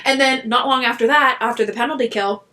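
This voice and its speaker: A woman co-hosting a podcast, telling a long story in an excited, rambling way. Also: fairly high pitch, quick pace. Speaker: podcast co-host. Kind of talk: casual chat.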